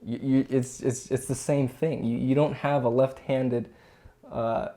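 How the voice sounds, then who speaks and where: A man's voice: mid-range voice, level tone, unhurried, dark tone. Man explaining pencil technique step by step. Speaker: drawing instructor co-host. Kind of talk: casual teaching chat.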